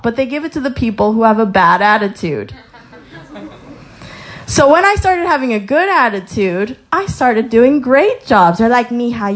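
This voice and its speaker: A young woman sharing a faith testimony in a casual sermon style, telling stories with acted-out quotes and reading scripture aloud. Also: a little high. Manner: lively storytelling with acted-out quotes.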